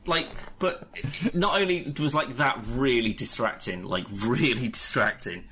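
A man in casual podcast chat about a film, rambling and animated, swearing and slipping into mock voices. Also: mid-range voice, measured pace, slight background noise. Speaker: podcast co-host.

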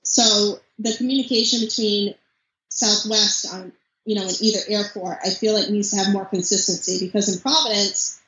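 A young woman, a podcast guest, chatting casually and telling animated stories about family travel. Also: medium pitch, normal speed, echoey room, dull audio. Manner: chatty, animated storytelling with mimicked child voice. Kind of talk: casual interview chat.

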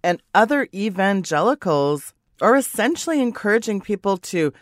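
A woman's voice: mid-range voice, big pitch swings, normal speed, no room sound. A woman co-hosting a Christian radio talk show, indignant and blunt, in a dry studio. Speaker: radio co-host.

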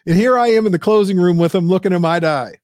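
Brief: male guest in his fifties, high voice, animated storyteller, dry close mic. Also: quick pace, no echo. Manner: animated storyteller, acts out quotes in a high squeal. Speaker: guest, business founder. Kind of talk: storytelling interview.

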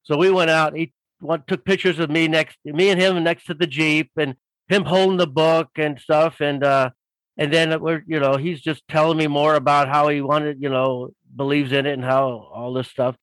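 A man's voice: a little high, steady tone, normal speed, a bit bright, no room sound, low-quality recording. A man telling a story casually as a guest author, rambling with many fillers and doing voices for the people in it.

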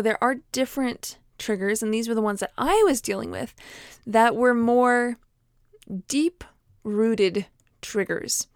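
A woman talks straight to the camera in a casual, frank way, full of fillers and quick restarts. Her voice sits a little high. The sound is close and dry. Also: clean tone, no room sound. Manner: chatty, many fillers and restarts; frank, personal, laughs at herself.

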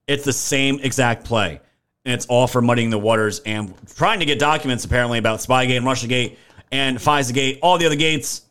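A young man hosts a political livestream, his medium-pitched voice smooth, a bit bright, and a little fast. He talks indignantly and emphatically, swearing as he reads the chat and thanks viewers by name.

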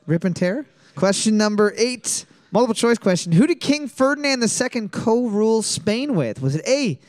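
A man's voice: high voice, big pitch swings, moderate pace, a little mellow, no room sound. A man hosting a trivia podcast, reading questions twice and joking and laughing with his co-host. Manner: repeats each question twice, laughs easily.

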